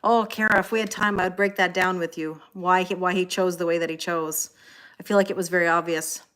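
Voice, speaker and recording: On her livestream, a tarot reader talks casually with viewers, thanking them by name and speaking to her cats in between. Her voice is on the low side, clear and resonant, a bit bright, with fairly even intonation and a brisk pace.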